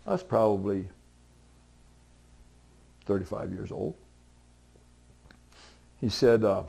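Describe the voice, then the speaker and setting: A middle-aged man preaching a sermon in a conversational, storytelling way. He acts out the people in his stories, and now and then he breaks into loud, high, pleading bursts to drive a point home. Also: slow pace, gravelly, long pauses. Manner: conversational storytelling, voicing other people in dialogue; swings to loud, high, pleading outbursts for emphasis. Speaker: pastor.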